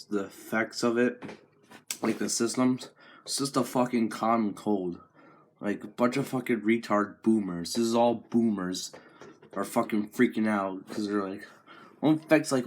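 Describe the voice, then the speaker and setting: A teenage boy in a crude, profane comedic rant to camera, with a mocking deadpan drawl. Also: fairly low pitch, a little hiss or hum. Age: teens. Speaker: vlogger.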